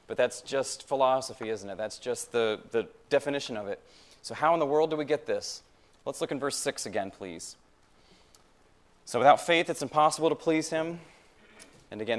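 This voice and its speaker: A pastor with a mid-range voice preaches a sermon in church. He talks conversationally, asking the congregation rhetorical questions and repeating phrases for emphasis.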